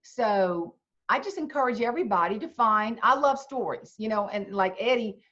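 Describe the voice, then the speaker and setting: A woman's voice: medium pitch, moderate pace. A middle-aged woman with a Southern accent, a humorist telling folksy comic stories as a guest on a video chat. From South Carolina. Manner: folksy, animated, comic storyteller. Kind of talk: storytelling chat. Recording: muffled lo-fi video call audio.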